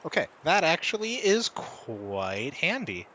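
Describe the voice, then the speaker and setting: A man's voice: fairly high pitch, wildly swooping pitch, takes it slowly, background noise. A man playing in a tabletop game, chatting casually with a laugh never far off. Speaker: player.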